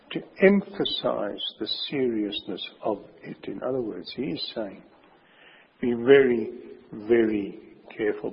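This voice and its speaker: A man preaching a sermon with a very husky voice, speaking emphatically and slowing down to stress his warnings. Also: medium pitch. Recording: dull recording with long hall reverb.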